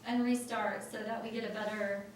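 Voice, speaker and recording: Woman crew member, practical, fairly high voice, heavy echo from a distance. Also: flat delivery, a little fast. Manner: practical, sorting out tech problems. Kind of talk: casual chat. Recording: very echoey, distant, noisy room.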